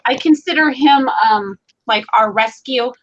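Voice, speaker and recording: Woman, higher voice, chatty and repetitive, video call. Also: a little slow, fairly bright tone, highs cut off. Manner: chatty, repeats phrases. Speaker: video hangout participant. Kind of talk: casual video call chat.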